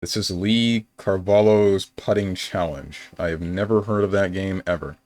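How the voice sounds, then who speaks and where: His voice sits low and a little mellow, moving at a normal speed. This young man streams games and keeps up casual live-stream chat, rambling playfully as he thinks out loud.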